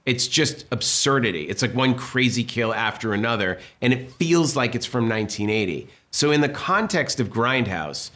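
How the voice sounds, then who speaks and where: A man, a film director being interviewed, telling stories in an animated, enthusiastic way. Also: mid-range voice. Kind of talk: casual interview talk.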